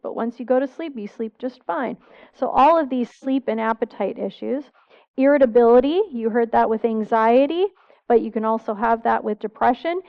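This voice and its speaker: A woman's voice: fairly high pitch, dull audio. A middle-aged woman therapist giving a church seminar talk, earnest, asking the audience questions as she lists symptoms.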